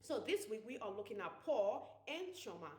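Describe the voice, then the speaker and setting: A woman's voice: on the high side, big pitch swings, moderate pace, darkish tone, echoey room. A woman hosting a motivational talk show, upbeat and emphatic as she speaks straight to her listeners. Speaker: host.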